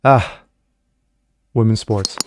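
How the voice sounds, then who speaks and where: A man's voice: fairly low pitch, drawn-out words, slight background noise. A man hosting a daily commentary show, talking in a sarcastic, mocking, loose and conversational way into a close mic.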